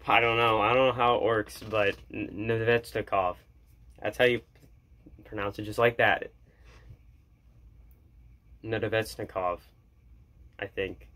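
A man vlogging as an excited hockey fan, gushing and jokey, repeating his lines. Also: fairly low pitch. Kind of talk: excited fan commentary to camera.

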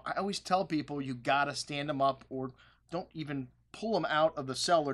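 A man's voice: on the high side, a bit bright. A man hosting a wine shop video, talking in a loose, chatty way with plenty of fillers and asides. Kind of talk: casual video promo talk. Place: wine store.

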